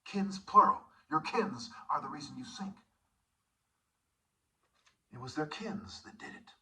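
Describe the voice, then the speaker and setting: A man's voice: fairly high pitch, lively intonation, measured pace, pushed and bright, far from the mic, low-quality recording. A man preaching an intense sermon monologue, often dropping into whispered asides. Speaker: self-styled preacher.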